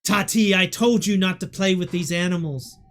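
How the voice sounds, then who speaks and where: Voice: mid-range voice, normal speed, natural voice. A storyteller voicing Baba Yaga, a scolding old witch. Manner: sharp scolding.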